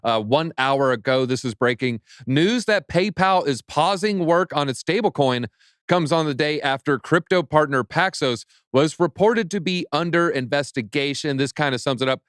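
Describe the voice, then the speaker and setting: Man, host, casual panel chat, brisk, joking, smooth voice, dry close mic. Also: a little high, animated, fairly bright tone, dry recording. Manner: brisk, joking, reads news aloud. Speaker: show host.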